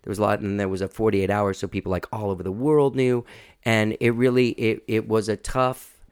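A man talking candidly in a casual interview, rambling and making dark jokes. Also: fairly low pitch, little pitch movement, brisk, clear, resonant tone, no echo, studio quality. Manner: candid, rambling, darkly joking. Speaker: musician guest.

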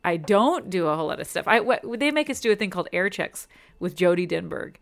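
A woman's voice: lowish voice, animated, fairly quick. A young adult woman, a radio DJ, talking as a chatty guest in a casual interview. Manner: chatty, self-described talker.

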